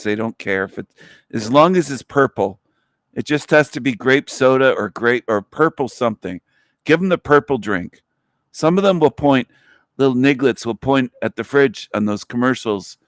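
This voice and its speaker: A man's voice: medium pitch, no echo, studio quality. A man hosting a livestream, talking in a mocking, rambling, crude way. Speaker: livestream host. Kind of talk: casual livestream monologue.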